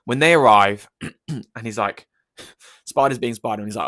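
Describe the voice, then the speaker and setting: A man's voice: lowish voice, moderate pace, long pauses, pushed and bright, no room sound. A man talking through a film in a casual review vlog, enthusiastic and rambling, with many ums and restarts.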